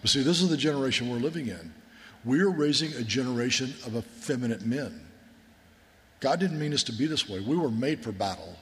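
A man's voice: medium pitch, animated, fairly quick. A man, a military chaplain, preaching a sermon in an earnest, folksy storytelling manner. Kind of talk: sermon with war stories. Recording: long hall reverb.

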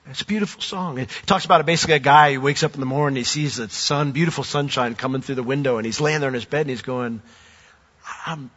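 A man's voice: medium pitch, brisk, fairly bright tone, husky. An older man preaching a sermon as a pastor, earnest and conversational. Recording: dull reverberant hall.

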